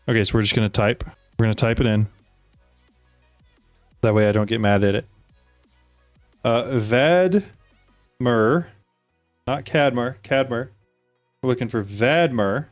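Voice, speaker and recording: An excitable man talks through a card-opening session and reads card text aloud. His voice sits at an ordinary middle pitch. The recording is dry and close, with faint music underneath. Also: slow pace, pauses often, no room sound. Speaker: card-opening video host. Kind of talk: casual card-opening commentary.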